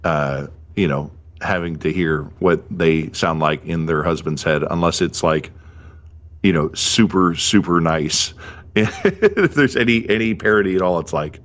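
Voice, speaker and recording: A man's voice: deep voice, animated, moderate pace, fairly bright tone. A man co-hosting a casual podcast, talking in long rambling runs with many fillers. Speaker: podcast co-host. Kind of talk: casual chat. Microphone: home podcast mic.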